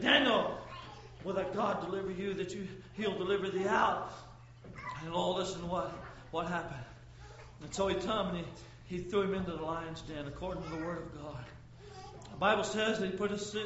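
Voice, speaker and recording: A man preaching a fervent sermon to a responsive congregation, his voice going hoarse, with frequent "uh" fillers between phrases. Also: high voice, a bit bright, slight background noise. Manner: impassioned, with frequent "uh" fillers and call-and-response pacing. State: losing his voice. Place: church sanctuary. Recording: lo-fi echoey church from far off. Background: congregation calling out amens.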